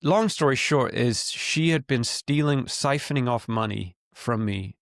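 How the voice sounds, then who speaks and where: Gravelly middle-aged man telling a story. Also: mid-range voice, unhurried, dry recording, clean studio sound. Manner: candid, animated retelling with quoted dialogue. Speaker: podcast co-host and business owner. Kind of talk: casual storytelling chat.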